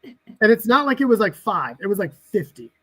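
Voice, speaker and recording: A man's voice: high voice, normal speed, low-quality recording. A man, a guest on a casual podcast, telling work stories and acting out the people in them. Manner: animated storyteller, acts out quoted exchanges.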